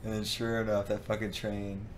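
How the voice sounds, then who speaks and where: A man's voice: lowish voice, monotone, normal speed, slight background noise. Profane rambling man telling a story. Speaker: gaming livestream co-host. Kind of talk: casual storytelling chat.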